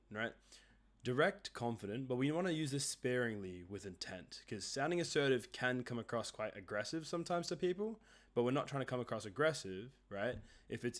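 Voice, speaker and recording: Man coaching with casual tag questions. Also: medium pitch. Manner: explains casually, often tags "right?" and "okay?". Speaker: sales coach. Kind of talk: conversational coaching lesson.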